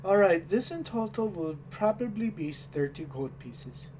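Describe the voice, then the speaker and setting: A woman's voice: mid-range voice, lively intonation, slight background noise, lightly acted. Fussy male halfling shopkeeper, woman doing the voice, exclaiming, stretched words. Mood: polite. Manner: drawn-out, loud, exclaiming.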